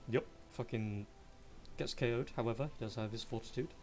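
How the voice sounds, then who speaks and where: A man's voice: mid-range voice, a little fast, darkish tone. A man acting as game master in a tabletop game, playful and humming little filler sounds while he looks up rules. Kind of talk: narrating a tabletop game over a live stream.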